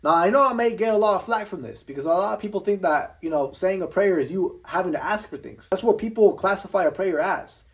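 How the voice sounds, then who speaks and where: A man's voice: high voice, expressive, quick pace, hardly any pauses. A young man giving a blunt, profane motivational rant, swearing constantly and tripping over repeated words. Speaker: vlogger.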